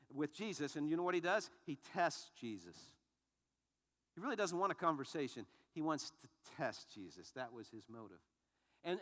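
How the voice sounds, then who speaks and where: A man preaching a sermon as pastor, telling the story in an animated way with frequent restarts. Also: a little high, in a large hall.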